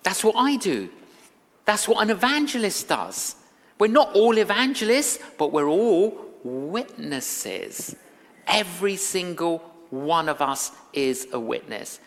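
A woman's voice: fairly low pitch, big pitch swings, slow. A woman evangelist preaching a sermon, telling stories and acting out what people said. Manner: storytelling, acting out quoted lines. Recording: reverberant hall.

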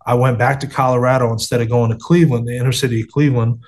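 A man's voice: medium pitch, little pitch movement, racing, a little mellow. A man telling his faith story in an interview over a video call, earnest and street-casual, often saying "man" and "bro".

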